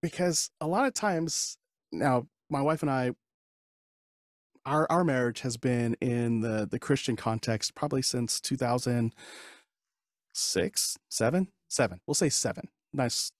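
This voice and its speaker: Animated man telling a story. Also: medium pitch, measured pace, dry recording, clean studio sound. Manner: animated, acts out quoted dialogue, laughs often. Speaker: podcast guest. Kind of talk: casual interview storytelling.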